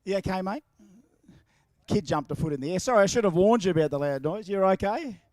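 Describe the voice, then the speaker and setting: Australian male event announcer, high-pitched, jokey with the crowd, handheld mic outdoors. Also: expressive, fairly quick, darkish tone, no room sound. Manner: chatty and jokey, calls out to the crowd. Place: outdoors at a racetrack. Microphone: handheld microphone and horn speaker.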